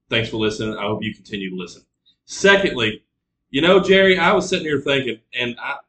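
A man's voice: medium pitch, pushed and bright, roomy sound, poor audio. A male podcast co-host in casual chat, giving mock advice in a playful, jokey way.

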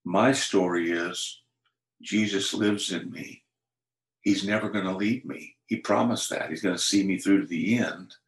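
A man's voice: low-pitched, a little slow, roomy sound, low-quality recording. An older man, a pastor, earnestly telling a personal faith story in conversation. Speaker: pastor, interview guest.

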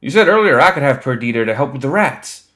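A man's voice: mid-range voice, fast talker, fairly bright tone, voice pushed up, natural voice. A man voicing an earnest male staffer who hollers his reports across a busy meeting in an audiobook. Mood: hollering. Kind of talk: audiobook character voice.

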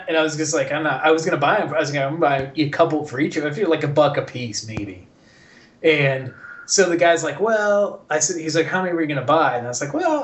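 Profane, animated male storyteller. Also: on the high side. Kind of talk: casual chat, storytelling.

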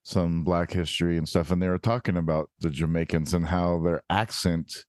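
A man's voice: low-pitched, level tone, moderate pace, a little mellow, dry recording, clean studio sound. A male host chatting casually, laid-back and asking curious questions. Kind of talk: casual conversation.

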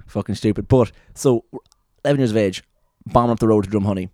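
A young Irish man co-hosting a casual chat podcast, telling animated stories with lots of swearing and laughter. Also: lowish voice, quick pace, no echo. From Ireland. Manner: animated storyteller, swears freely, laughs often. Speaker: podcast co-host.

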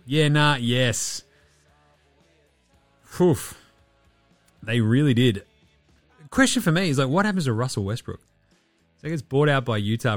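A man's voice: mid-range voice, dry recording. A man hosts a casual sports podcast, blunt and joking, swearing as he goes. His voice sits mid-range and is recorded close and dry, with faint music underneath. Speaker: podcast host.

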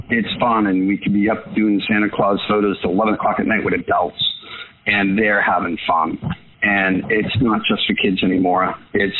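A man's voice: fairly low pitch, gravelly. A man talking casually and with enthusiasm as an interview guest, using lots of fillers and repeating himself. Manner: enthusiastic, repetitive, many fillers. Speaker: guest, photo business owner. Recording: tinny phone-line sound.

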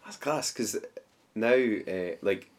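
Deep-voiced podcast host. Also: male voice, slow. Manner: upbeat, laughs often, many short affirmations. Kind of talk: casual interview chat. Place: guest's home studio.

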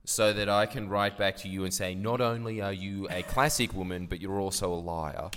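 A man's voice: sits low, steady tone, moderate pace, fairly bright tone, big-room sound, a little hiss or hum. A man, ranting brashly as a podcast co-host in casual comedic chat. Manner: brash, ranting, mock-outraged.

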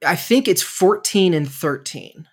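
A podcast co-host speaking in casual, hesitant chat, hedging a lot and restarting often. The voice sits at a middle pitch. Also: animated, unhurried, slightly rough. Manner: hesitant, hedging, full of fillers.

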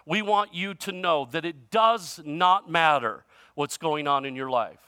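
A male pastor preaching a sermon in a conversational way, using informal grammar, his voice shifting from loud emphasis to quiet. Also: on the high side, a little slow, dry recording, clean studio sound.

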